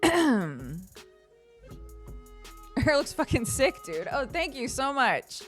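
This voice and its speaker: A woman's voice: high voice, big pitch swings, slow pace, a bit bright. A woman streamer chatting casually with her viewers, laughing often and telling stories animatedly. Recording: faint background music.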